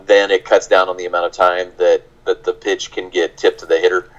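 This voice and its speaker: A man's voice: deep voice, little pitch movement, a little fast. A man co-hosting a podcast in casual chat, dry and sardonic, stammering on restarts. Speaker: podcast co-host. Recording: dull lo-fi sound.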